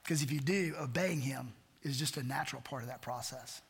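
A man's voice: mid-range voice, brisk, gravelly, breathy edge. A man pastor preaching a sermon, earnest and repetitive, asking rhetorical questions. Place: church sanctuary. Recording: church hall reverb.

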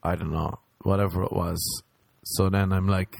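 Low-voiced young man rambling through a story. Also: little pitch movement, normal speed, creaky, a little mellow, no echo. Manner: profane, rambling, acts out quoted voices. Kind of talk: casual anecdote telling.

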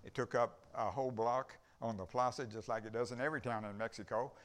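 A man's voice: medium pitch, steady tone, fast talker. An older man, a visiting preacher, telling a folksy story in a church service and acting out the dialogue as he goes. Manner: rambling storyteller, acts out dialogue. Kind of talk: folksy sermon testimony.

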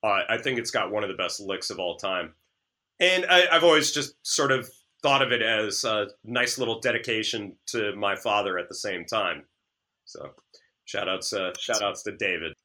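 A man who works as a DJ, chatting as a podcast guest, animated and sarcastic, often stammering as he restarts sentences. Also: on the low side, normal speed. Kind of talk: casual chat.

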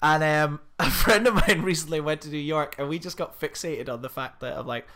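A man's voice: fairly high pitch, brisk, sharp tone. A man chatting casually about a film as a podcast co-host, laughing often. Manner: chatty, laughs often, slips into mock Scottish pub voices. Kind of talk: casual film review chat.

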